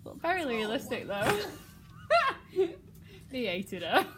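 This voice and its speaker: A fairly high-voiced English woman runs a drama class, jumping into the lines herself and breaking into laughter between them. The recording has clear background noise from the room. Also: slow pace. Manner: animated, acts out lines and laughs often. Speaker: drama teacher. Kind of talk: drama lesson, acting out lines.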